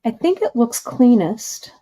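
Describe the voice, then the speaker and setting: A woman's voice: fairly high pitch, big pitch swings, unhurried, dark tone. A woman hosting a live jewelry-making demonstration, chatting encouragingly and thinking aloud as she works.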